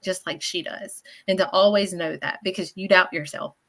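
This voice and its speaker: Woman psychic, bright, forceful tone, chatty and reassuring. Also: fairly low pitch, moderate pace. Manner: chatty and animated, often checking in with "okay?". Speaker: psychic medium giving live readings. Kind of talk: live radio show reading.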